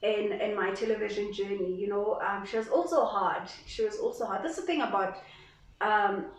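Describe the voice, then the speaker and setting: A South African woman, a sports broadcaster, chatting as a guest and telling stories with lively acted-out quotes. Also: mid-range voice, moderate pace. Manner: expressive storyteller who acts out quotes. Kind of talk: casual interview chat. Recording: roomy echo, distant mic.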